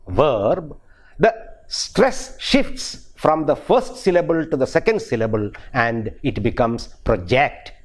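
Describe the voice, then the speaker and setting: A male professor with a Malayali English accent delivers a slow, deliberate lecture on pronunciation. His pitch rises and falls in a lively way, and he often repeats and restarts his phrases. He spells out example words letter by letter. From Kerala, India.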